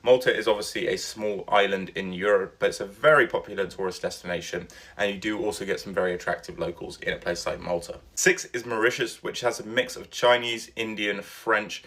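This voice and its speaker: Male narrator, slightly low voice, emphatic and chatty countdown read. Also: steady tone, a little fast, few pauses, a bit bright. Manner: chatty, emphatic, personal asides. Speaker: list video narrator.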